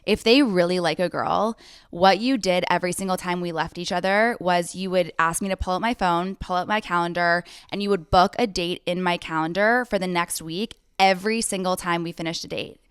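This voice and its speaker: Chatty woman host, smooth low voice. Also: no echo, studio quality. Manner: effusive, storytelling, quick asides with "like". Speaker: podcast host. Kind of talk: casual podcast conversation.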